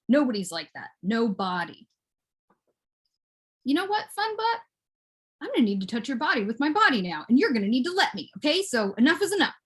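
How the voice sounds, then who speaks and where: A woman giving a performed poetry reading, swinging between high cooing baby talk and low muttered asides. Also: fairly bright tone, breathy edge. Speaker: poet reading her work. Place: at home for an online book launch.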